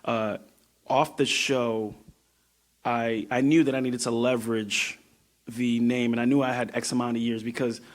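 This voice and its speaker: A man's voice: mid-range voice, flat delivery, normal speed. A young man from New York, a guest on a podcast, talking over his music career in a reflective way, often trailing off and starting over. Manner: reflective, trailing off and restarting thoughts. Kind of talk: casual podcast conversation.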